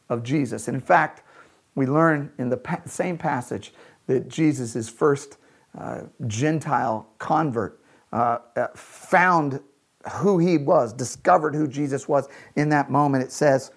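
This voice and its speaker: Preaching with earnest conviction, this medium-pitched pastor has a breathy edge to his voice. On important lines he frequently slows and softens to a quiet tone.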